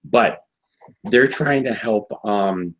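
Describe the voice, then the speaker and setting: Slow, laid-back man on a podcast. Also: lowish voice, a bit bright, poor audio. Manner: laid-back, hesitant, many fillers. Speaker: podcast co-host reviewing a cartoon episode. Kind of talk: casual chat.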